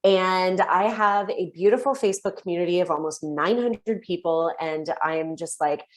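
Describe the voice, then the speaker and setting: A woman guest on a podcast, a coach speaking earnestly and warmly over a video call, with casual swearing. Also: on the low side, moderate pace. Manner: earnest, heartfelt, casually profane. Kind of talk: casual interview chat.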